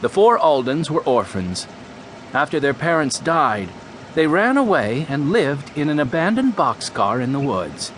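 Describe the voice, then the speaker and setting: A man narrating a children's mystery audiobook in a clear, storytelling voice. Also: fairly high pitch, sing-song, a little slow, a bit bright, slight background noise.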